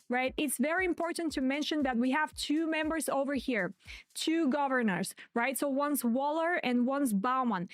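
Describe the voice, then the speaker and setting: A woman's voice: high voice, dry recording. A woman hosting a market livestream in a chatty way, often saying "you guys" and "right?", a little out of breath. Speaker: trading livestream host.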